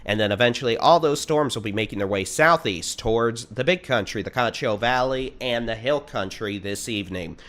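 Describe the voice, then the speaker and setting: A man's voice: normal speed, few pauses. A man giving a live severe weather forecast, upbeat with playful asides. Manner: upbeat, playful asides, lively pitch jumps.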